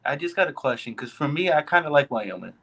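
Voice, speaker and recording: A man's voice: on the high side, big pitch swings, quick pace, fairly bright tone, slightly rough, poor audio. A man co-hosting a casual trucker chat, joking around and laughing often.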